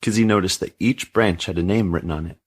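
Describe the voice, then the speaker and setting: A male storyteller reads a dark family tale aloud with a steady, measured delivery. His voice sits deep and low, with a husky edge to it. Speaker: narrator. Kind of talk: storybook reading.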